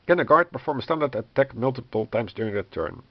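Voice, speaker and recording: Fast and animated, this mid-range male voice belongs to a board game reviewer working through a rulebook out loud. The audio has no echo but sounds dull and lo-fi with faint noise, and he coughs often as his voice fails, hesitating with fillers in wry exasperation.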